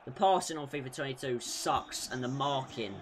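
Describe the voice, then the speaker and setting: A young man commentating on his own football video game, bursting into loud shouts at goals and sinking into muttered frustration in between. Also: mid-range voice, normal speed, noisy background. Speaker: gaming YouTuber. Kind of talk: excitable gameplay commentary.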